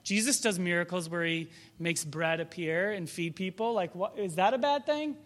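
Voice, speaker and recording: A man with a notably high speaking voice delivers a sermon. He talks conversationally and reflectively, leaning on rhetorical questions as he teaches. His tone stays relaxed and personal, as if speaking directly to the people in front of him. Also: moderate pace. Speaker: preacher.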